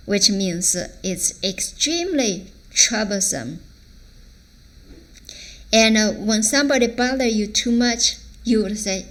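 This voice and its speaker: A woman's voice: medium pitch, takes it slowly. Chinese-accented woman teaching a language. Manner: demonstrates phrases with varied intonation. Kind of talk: language lesson.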